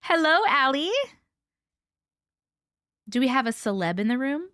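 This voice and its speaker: A bubbly woman hosts a casual live-stream chat and greets her viewers one by one. Her voice sits a little high, and she swears casually and laughs often. The sound is close and dry. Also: a little slow, long pauses, no echo. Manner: lively, greets viewers by name. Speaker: livestream host.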